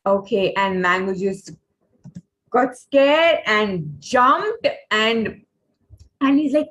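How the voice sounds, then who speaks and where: A woman's voice: on the high side, animated, takes it slowly, long pauses, fairly bright tone, poor audio. A young woman telling a story to a children's class, dramatic and asking the kids questions.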